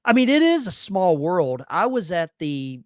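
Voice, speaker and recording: Co-hosting a casual veterans' live stream, a man tells stories animatedly and acts out the voices of the people in them. His voice sits high and he speaks at a moderate pace, captured in studio quality with no room sound.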